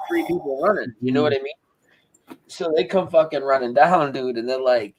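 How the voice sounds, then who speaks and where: A man's voice: medium pitch, moderate pace, rough recording. A man telling a story over a video call. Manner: animated, imitates sounds, swears freely. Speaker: interview guest. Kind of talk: casual storytelling.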